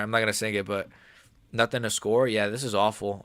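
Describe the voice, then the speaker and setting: A man's voice: fairly low pitch, steady tone, a little fast, fairly bright tone, smooth, no echo. Young man ranting on a livestream. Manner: frustrated, profane, rambling with many fillers. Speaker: livestreamer watching a fight. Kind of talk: casual live-stream reaction commentary.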